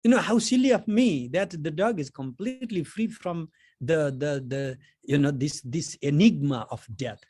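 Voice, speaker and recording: A man's voice: fairly high pitch, animated, normal speed, warm tone, breathy edge, no room sound. A middle-aged man, a spiritual teacher, giving a conversational philosophy lecture full of anecdotes and "you know" fillers.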